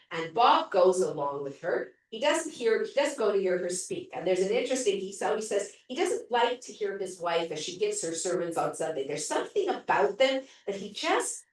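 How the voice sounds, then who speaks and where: A woman reviewing a book at a library, retelling the plot in a chatty way with fillers. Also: mid-range voice. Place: library room. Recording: very echoey room from far off.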